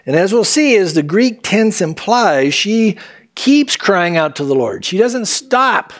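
Male pastor preaching, pitch jumps all over, bit high voice, acts out quotes. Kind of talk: sermon.

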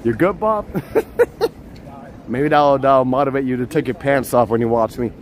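A man's voice: mid-range voice, measured pace, a little hiss or hum. A man hosting a casual walking live stream, chatty and teasing his viewers, outdoors on city streets. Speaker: vlogger, live-stream host.

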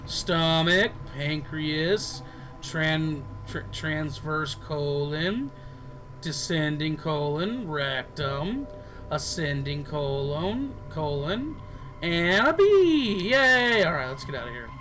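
A man's voice: fairly high pitch, animated, slow, a bit bright, faint music behind, poor audio. A man giving casual gameplay commentary as a let's player, goofy and joking, chatting to the characters on screen. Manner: goofy, jokes and talks to game characters.

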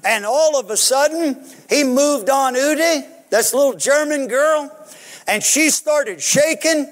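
A pastor telling a story in a sermon, animated, often chuckling. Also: male voice, very high-pitched, takes it slowly. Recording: long hall reverb.

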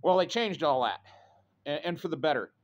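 Middle-aged man from Idaho, slightly high voice, loose profane storyteller who rambles. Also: expressive, a little fast. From Idaho, USA. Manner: profane, rambling, full of fillers like "right?" and "you know". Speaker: vlogger telling a personal story.

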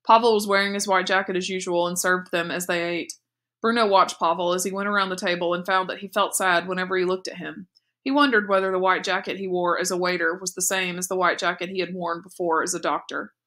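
A woman teacher reading a novel aloud with clear, steady storytelling. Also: on the low side, fast talker.

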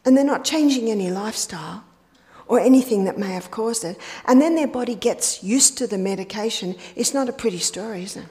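Her voice is mid-range and a little mellow as she delivers a health lecture at church in a sermon style. Through stories and rhetorical questions she engages the audience, at times sinking to a whisper for the key points.

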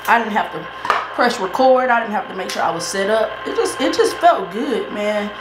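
A woman's voice: medium pitch, animated, normal speed, background noise. Chatty woman vlogging in a roomy space. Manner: chatty, loose and talkative, repeats herself. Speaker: mukbang vlogger, host. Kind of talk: casual chat while eating. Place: indoors at her eating setup.

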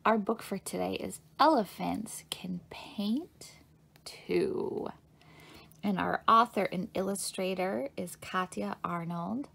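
A woman's voice: medium pitch, slow pace, vocal fry, slightly rough. A woman working as a children's librarian, leading a story time in an upbeat, patient way that coaxes young kids along. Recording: noisy recording with steady hiss.

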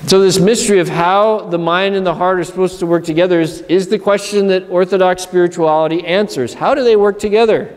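Conversational preacher in a reverberant church. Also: male voice, high voice, fairly even intonation, a little fast, hardly any pauses. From Pennsylvania. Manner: conversational, acts out inner voices. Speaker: monastery abbot. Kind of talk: sermon at a retreat.

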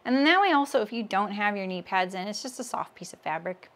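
A woman in her thirties hosting a relaxed sewing livestream. She chats easily with her viewers, answers their comments and laughs at her own jokes, her voice sitting at an ordinary middle pitch. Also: quick pace. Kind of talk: casual livestream chat while sewing.

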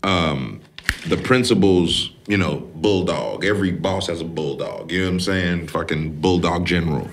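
Male podcast host, very low voice, profane, slangy, laid-back film recap. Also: normal speed, noisy background.

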